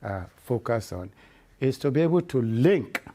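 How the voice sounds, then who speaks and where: Slow, halting man with a mellow voice. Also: medium pitch, very animated. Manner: halting, with many repeated restarts. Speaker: church leader giving a report. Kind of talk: spoken report to members.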